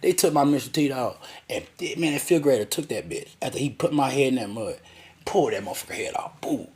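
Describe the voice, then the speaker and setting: Guy rambling crude childhood stories, swears a lot, mid pitch. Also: animated, brisk, a little mellow. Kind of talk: rambling profane childhood storytelling.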